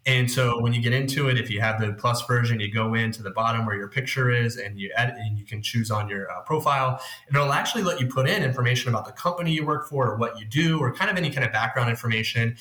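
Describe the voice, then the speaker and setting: A man guest on a podcast, walking the listener through ideas with everyday comparisons. His voice sits at a middle pitch. The room around him gives it a noticeable echo. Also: fast, few pauses, pushed and bright. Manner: explanatory, leans on food analogies. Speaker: guest expert on workplace tech. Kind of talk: podcast interview.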